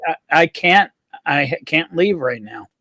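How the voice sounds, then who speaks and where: Host: New guy, fairly high voice, dry close sound, rambling and profane. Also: animated, unhurried, bright, forceful tone, no echo. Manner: rambling, profane, restarts often. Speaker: stream host. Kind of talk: casual livestream chat.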